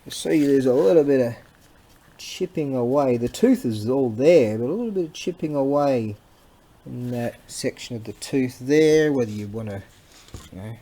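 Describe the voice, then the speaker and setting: A man's voice: mid-range voice, expressive, moderate pace, warm tone. A middle-aged man, chatting casually in a vlog and rambling as he loses his train of thought. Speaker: vlogger selling antiques.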